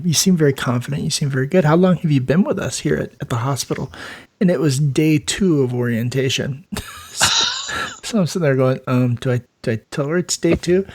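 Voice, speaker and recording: A man's voice: medium pitch, a little mellow. A man, the host of a nursing podcast, telling work stories casually and laughing often. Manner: laid-back, laughs often, acts out quoted voices. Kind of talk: casual storytelling chat.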